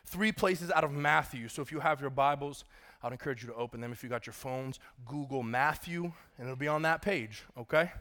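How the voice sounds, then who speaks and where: A man's voice: mid-range voice, fairly quick, few pauses, sharp tone. A man, a pastor giving a sermon in a church auditorium, casual and joking with the congregation.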